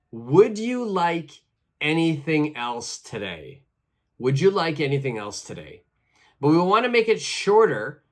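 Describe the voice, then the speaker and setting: A man teaching an English lesson, who says phrases slowly and clearly and repeats them for practice. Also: on the high side.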